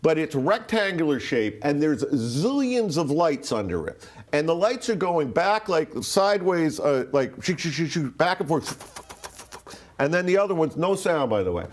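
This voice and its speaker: Older man in his sixties, from Rhode Island, slightly high voice, rambling interview anecdote, fillers and swearing. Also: big pitch swings, unhurried. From Rhode Island, USA. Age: 60s. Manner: rambling, full of "like" and restarts, swears for emphasis. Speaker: guest telling a personal story. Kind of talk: casual storytelling in an interview.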